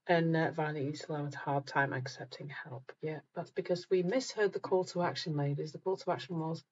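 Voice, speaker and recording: A woman's voice: low-pitched, brisk, few pauses, darkish tone, breathy edge, lo-fi sound. A middle-aged woman hosting a live group talk, chatting casually with viewers, reading out their comments and laughing at herself.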